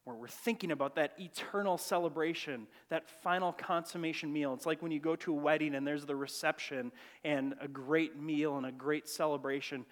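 A man preaching a sermon, reading scripture with rising emphasis and then dropping into quiet reflection, in a church sanctuary. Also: mid-range voice, steady tone, moderate pace. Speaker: pastor. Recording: long church reverb.

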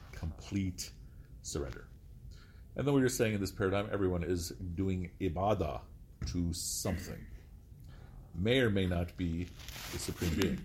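Deep-voiced man teaching a class. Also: a little mellow, slight background noise. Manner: explains step by step, checking in with frequent "okay"; quizzes students with questions. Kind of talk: classroom lecture.

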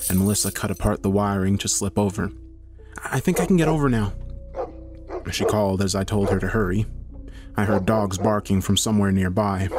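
A man narrating a horror story in a steady, measured storytelling manner. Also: fairly low pitch.

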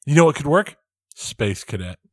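A man's voice: on the high side, big pitch swings, normal speed, dry recording, clean studio sound. A man co-hosting a casual podcast chat, asking skeptical questions. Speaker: podcast co-host.

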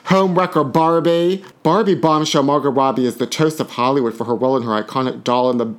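Talking fast in a mid-range voice, a male podcaster delivers campy gossip commentary. He reads out tabloid stories, punctuating them with giggles and sassy remarks.

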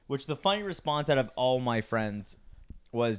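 A man's voice: medium pitch, lively intonation, normal speed, smooth. A young man hosting a casual podcast chat, joking around and breaking into mock ad reads. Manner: jokey, does mock ad reads. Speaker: podcast host.

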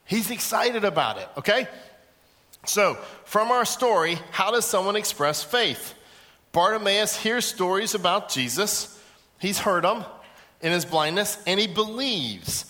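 Male preacher, bright and slightly high, lively storyteller who acts out quotes; echoey hall sound. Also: normal speed. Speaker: pastor. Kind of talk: sermon. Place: large auditorium.

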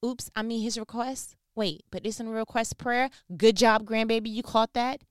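A woman giving a casual Bible reflection, playful and slangy, acting out people's prayers and God's replies in quick back-and-forth. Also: a little high, fairly even intonation, clean tone, no echo, studio quality. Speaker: Bible teacher.

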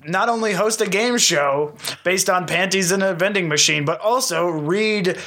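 A man's voice: sits high, moderate pace, pushed and bright. A man co-hosting a comedy podcast, chatting casually with playful, joking banter. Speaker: podcast co-host.

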